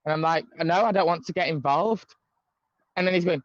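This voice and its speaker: A man's voice: fairly high pitch, brisk, no echo, muffled recording. A man tells a long story in casual chat over a video call. He rambles, with many fillers and restarts. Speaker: guest caller.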